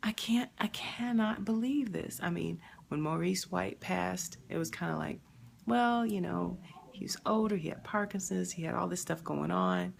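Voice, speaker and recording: A woman hosting a live stream, talking emotionally and haltingly, sad and near tears, pausing to answer viewer comments. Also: on the low side, vocal fry, slight background noise. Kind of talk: grieving live stream reaction.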